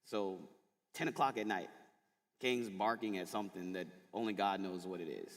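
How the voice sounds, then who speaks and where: A man's voice: sits low, moderate pace. A man giving a sermon to middle school students in a school chapel, chatty and informal, full of fillers as he tells stories. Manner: casual, chatty storytelling with many fillers. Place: large school chapel hall. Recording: long echo of a large hall.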